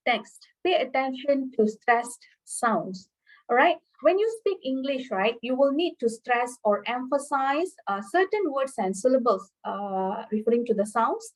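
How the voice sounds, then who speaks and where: A woman from Malaysia giving an English-skills webinar lesson, often pausing with fillers and checking in with okay and all right. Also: high-pitched, expressive, poor audio. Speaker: English lecturer.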